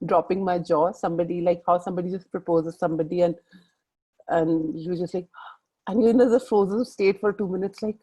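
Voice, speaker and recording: A woman's voice: on the low side, fairly even intonation, a little fast, mellow, breathy edge, rough recording. A middle-aged woman with an Indian English accent, leading a motivational group call and urging her listeners in a rambling, earnest way.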